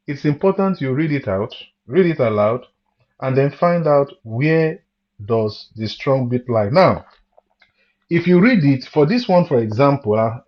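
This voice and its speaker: A man's voice: a little high, lo-fi sound. A man teaching an online music theory lesson, explaining step by step and reading lyrics aloud to show where the stress falls. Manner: explains step by step, repeats key points, reads words aloud to show stress.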